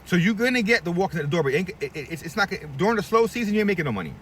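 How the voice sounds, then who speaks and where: A middle-aged barbershop owner rants to the camera in a blunt, profane, preachy way, with his pitch jumping up and down a lot. He sounds a bit far from the mic, with faint traffic noise behind him. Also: big pitch swings, racing, fairly bright tone. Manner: blunt, profane, preachy, acts out quoted voices. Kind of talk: candid advice rant to camera.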